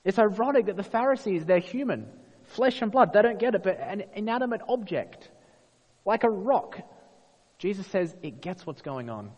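A man preaching a sermon, expressive and full of rhetorical questions. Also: high voice, normal speed, slightly rough, lo-fi sound. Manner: expressive, rhetorical questions, acts out quoted voices. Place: church. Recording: long reverb of a church hall.

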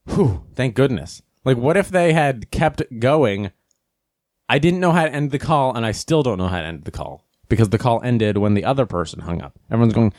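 A man hosts a casual podcast, and his pitch swings widely as he tells stories. He acts out other people's lines in squeaky high voices. The sound is dry and close, with no room echo. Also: lively intonation, moderate pace, a little mellow. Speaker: podcast host. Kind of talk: casual comedic storytelling and news commentary.

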